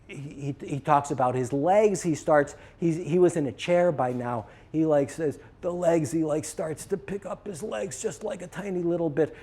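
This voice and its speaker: Man telling trainees a story, acts out the dialogue, voice bouncing up and down. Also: on the high side. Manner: animated, acts out both sides of a dialogue. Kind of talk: storytelling talk.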